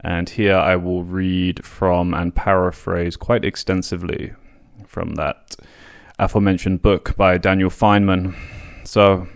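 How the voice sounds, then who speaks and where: Low-voiced man reading history aloud. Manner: reads long quotes with casual spoken asides; occasional stumbles and restarts on words. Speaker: podcast host.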